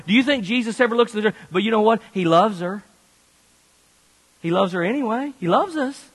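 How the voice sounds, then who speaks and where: A married male pastor gives a lively, conversational sermon with a fairly high voice. His words carry a long, ringing reverb from a large church hall. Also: fairly quick, slightly rough. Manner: animated, conversational preaching.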